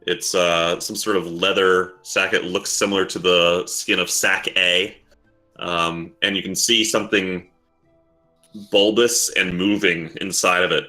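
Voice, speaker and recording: A man narrates a tabletop game as dungeon master, stopping often with fillers. His voice is low but bright and his pace is slow. Faint music plays underneath. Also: little pitch movement. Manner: halting, with many fillers.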